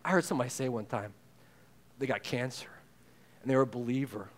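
A man preaching a sermon in a conversational way, acting out quoted voices and moving between loud emphasis and hushed intensity. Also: medium pitch, a little fast. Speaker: pastor.

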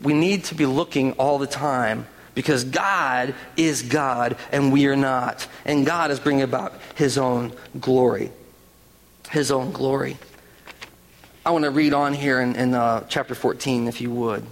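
A man preaching a sermon as pastor, animated, with rhetorical questions and quoted voices. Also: medium pitch, measured pace. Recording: long reverb of a large hall.

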